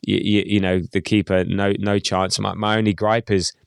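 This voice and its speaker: A man co-hosting a casual football podcast, talking in a halting way with many restarts and repeated words. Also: lowish voice, level tone, vocal fry, smooth, dry recording, clean studio sound. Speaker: podcast co-host.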